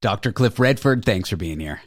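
Male talk radio host, joking asides, lively pitch, dry close mic. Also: moderate pace, dry recording. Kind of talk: casual radio interview.

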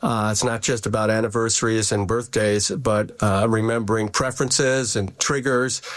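An older man, a psychology professor, speaking as a radio guest in a careful, measured way with frequent filler sounds. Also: mid-range voice, no room sound. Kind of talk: radio interview.

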